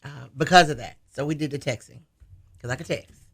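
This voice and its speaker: A man's voice: mid-range voice, brisk, vocal fry, a bit bright, husky. A man from Detroit, co-hosting a radio talk show, telling a story in casual chat and laughing often.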